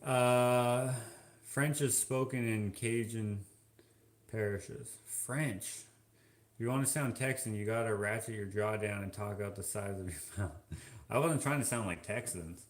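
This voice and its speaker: Slow, easygoing man in an echoey kitchen. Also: on the low side. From Canada. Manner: slow, offhand, musing and joking. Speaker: vlogger. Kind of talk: casual livestream chat, reading comments. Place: kitchen, washing dishes.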